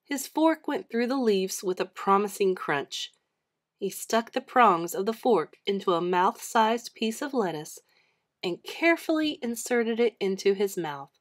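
Slow, expressive woman reading a storybook. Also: mid-range voice. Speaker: children's book reader. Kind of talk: read-aloud storytelling.

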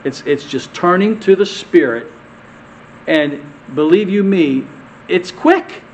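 A male pastor preaching a conversational sermon, asking the congregation questions and repeating words, swinging from emphatic peaks to quiet asides. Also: high-pitched, expressive, slow, dull audio, a little hiss or hum.

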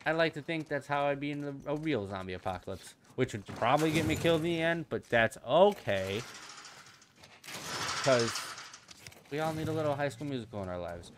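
A young man talking over his gameplay in a loose, rambling way, swearing freely and joking to himself. His voice sits at an ordinary middle pitch, with a faint hiss and the odd click of buttons underneath. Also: a little fast. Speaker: gaming channel host. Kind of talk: casual gameplay commentary.

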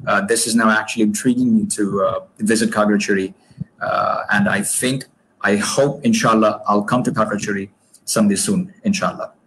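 A man's voice: fairly low pitch, fairly even intonation, moderate pace, fairly bright tone, a little hiss or hum, poor audio. A man from Bangladesh answering viewers' comments in a live-stream English lesson, patient and polite, with many fillers and restarts.

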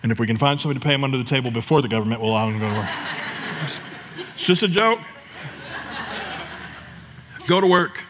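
A middle-aged American man preaching a lively, joking sermon that builds to shouts. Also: medium pitch, very fast, pauses often, a little hiss or hum. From United States. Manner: animated, jokey, shouts scripture cries. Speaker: pastor.

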